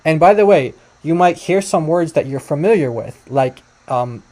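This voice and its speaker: Mellow-voiced man giving a tentative explainer. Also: fairly high pitch, animated, normal speed. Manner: tentative, self-correcting, apologetic. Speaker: presenter. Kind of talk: casual screen-share explainer.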